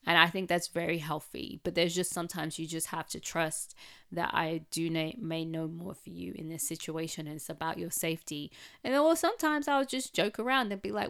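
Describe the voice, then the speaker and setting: A woman's voice: fairly low pitch, normal speed, creaky, a bit bright. A woman reflecting on raising her nieces in candid personal chat, with plenty of "like" and "um". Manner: candid, chatty, with frequent "like" and "um".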